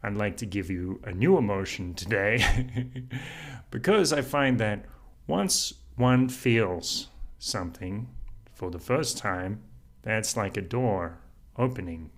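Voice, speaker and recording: Deep-voiced man musing with soft laughs. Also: animated. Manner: laughs often while talking, speaks unhurried and earnest. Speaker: podcast host. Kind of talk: reflective solo monologue.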